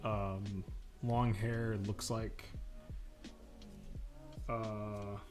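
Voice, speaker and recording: Dude rambling on a drawing stream, cussing a lot, lots of likes and ums, quiet music behind. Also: male voice, on the low side, level tone, drawn-out words. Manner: rambling and profane, lots of fillers. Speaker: comic artist streaming while drawing. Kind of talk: casual live-stream chat.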